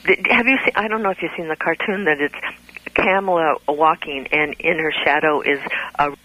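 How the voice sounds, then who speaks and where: A woman's voice: low voice, moderate pace, bright, forceful tone, low-quality recording. A woman speaking as a guest on a radio interview, earnest and often restarting her sentences. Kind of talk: interview conversation.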